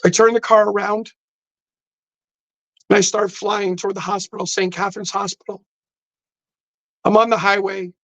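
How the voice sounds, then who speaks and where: A man's voice: high-pitched, little pitch movement, moderate pace, gravelly, pauses often, fairly bright tone, no echo, low-quality recording. A man on a podcast telling a personal story intensely, acting out the dialogue as he goes. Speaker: podcast guest. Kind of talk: storytelling in casual chat. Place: podcast studio.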